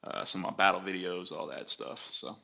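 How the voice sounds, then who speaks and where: Man, podcast guest, gravelly, bright tone, casual rambling chat. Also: sits low, brisk. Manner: relaxed, rambling with many restarts.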